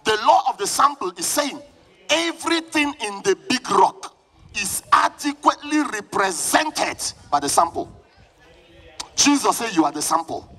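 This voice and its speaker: A man with a Nigerian accent preaching a live sermon at a church service, fervent and often shouting, calling on the congregation to answer him. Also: high voice, sing-song, unhurried. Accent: Nigerian English.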